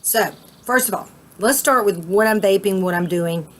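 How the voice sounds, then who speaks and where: A woman vlogging casually outdoors at a cabin, chatty and excitable, rambling with fillers. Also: medium pitch, normal speed, slight background noise. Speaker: vape vlogger. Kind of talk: casual vlog chat.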